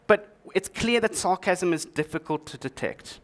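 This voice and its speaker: A man giving a tech talk from a conference stage, his voice sitting a little higher than most men's. He jokes in a dry, sarcastic way between his explanations. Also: moderate pace, a bit bright. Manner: dry, joking delivery with sarcastic asides. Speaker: conference speaker. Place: conference stage before an audience.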